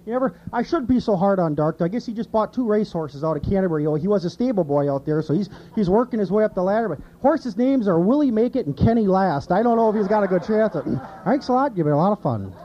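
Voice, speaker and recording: A man doing an impression of a rambling older male sportscaster who clears his throat and jumps between topics, on an outdoor fair stage. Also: high voice, animated, fast talker, lo-fi sound. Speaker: impression contest contestant.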